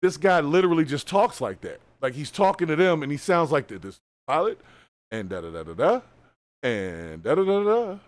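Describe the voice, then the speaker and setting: A man hosting a live stream, reacting to a video with casual, animated, colloquial commentary. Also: on the high side, fairly quick, few pauses, no room sound. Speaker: host.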